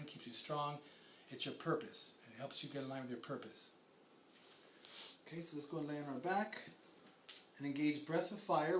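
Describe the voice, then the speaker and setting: Guy teaching yoga breathing, calm and chill, kinda high voice, roomy echo. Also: a little hiss or hum. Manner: calm, slow guiding chant with many fillers. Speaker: yoga instructor. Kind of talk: guided breathing and kundalini yoga class. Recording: echoey room with faint ambience.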